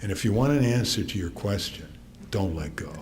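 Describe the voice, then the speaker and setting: A man in his eighties from Connecticut, giving a talk to an audience and telling wry family anecdotes with frequent pauses. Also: fairly low pitch, animated. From Connecticut, USA. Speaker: author giving a public talk. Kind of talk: storytelling speech to an audience. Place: theater stage. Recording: long theater reverb, faint noise.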